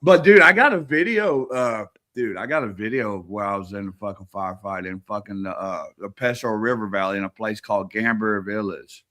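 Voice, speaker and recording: A man's voice: fairly low pitch, a little fast, few pauses, pushed and bright. A man telling rambling war stories on a podcast, swearing constantly and laughing as he talks. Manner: profane, rambling, laughs often. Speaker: podcast guest. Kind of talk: casual storytelling.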